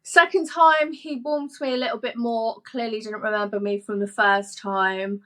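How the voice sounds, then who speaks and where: A young woman, a sports presenter, telling stories in a casual interview, chatty and quick to act out what people said. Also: a little high, steady tone, pushed and bright. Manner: chatty storyteller, acts out quoted dialogue, laughs often.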